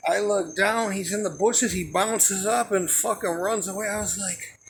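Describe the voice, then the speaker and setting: Young man, raspy-edged and a touch high, casual storyteller, cussing freely; noisy outdoor crickets behind him. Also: normal speed. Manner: profane, rambling, animated retelling. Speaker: storyteller recounting a personal experience.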